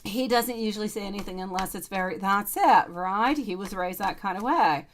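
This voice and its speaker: A woman's voice: medium pitch, normal speed, a little hiss or hum. Chatty woman doing a live tarot reading. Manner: chatty, calls viewers sweetie. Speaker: tarot reader.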